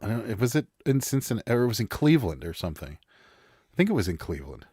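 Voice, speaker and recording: A man's voice: fairly low pitch, very animated, fast talker, a little mellow, breathy edge, no room sound, clean studio sound. A man hosting a live stream, chatting casually and joking as he reads viewer comments, with a Western Pennsylvania accent. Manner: rambling, joking, wry.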